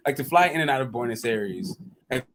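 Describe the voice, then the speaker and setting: A man's voice: medium pitch, animated, brisk, noisy background. A man hosting a casual livestream chat about boxing, joking and swearing freely. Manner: joking, loose and profane. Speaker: podcast host.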